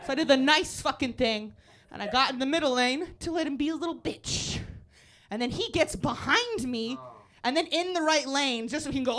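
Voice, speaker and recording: A woman doing a live stand-up set on a club stage, brash and profane, breaking into shouts and laughing at her own lines. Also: sits high, expressive, a little fast. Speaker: stand-up comedian. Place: comedy club stage before a live audience.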